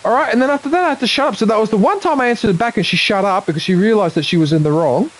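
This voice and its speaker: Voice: medium pitch, lively intonation, racing, a little hiss or hum, poor audio. An Australian-accented vlogger delivers a heated monologue straight to the camera. The talk is indignant and profane, full of repeated points.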